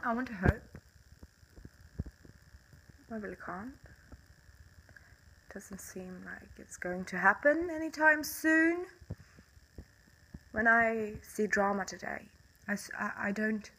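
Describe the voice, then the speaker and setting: A woman's voice: medium pitch, sharp tone, husky, rough recording. A young woman with a Swedish accent, speaking English in a casual monologue to camera, passionate and blunt, swearing often and breaking into bitter laughs.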